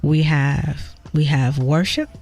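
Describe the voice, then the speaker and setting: Faith-minded talk show guest: slow, measured delivery, firm conviction. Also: medium pitch, a little mellow, soft background music. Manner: slow, deliberate, firm about beliefs.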